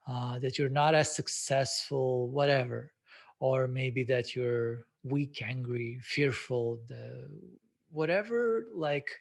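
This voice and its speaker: A man hosting a self-development webinar, speaking reflectively with many hesitant filler sounds. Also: mid-range voice. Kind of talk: live webinar talk.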